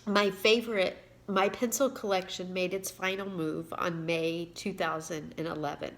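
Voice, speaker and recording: Woman in her 40s, lower voice, personal video reading her own story, gets choked up, halting delivery. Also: steady tone, fairly bright tone, a little hiss or hum. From Indiana, USA. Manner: emotional, halting, reading aloud with pauses. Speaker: author and giving speaker.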